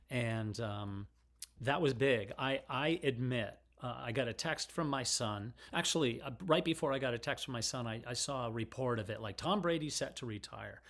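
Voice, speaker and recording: A man's voice: mid-range voice, fairly bright tone. A middle-aged man talking casually and at length to the camera, rambling, digressive and openly emotional. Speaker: vlogger.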